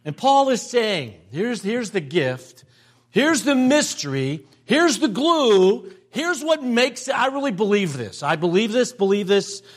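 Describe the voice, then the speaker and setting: Animated high-voiced older male preacher. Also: a little slow. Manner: animated storytelling with emphatic repetition. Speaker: pastor. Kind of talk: sermon.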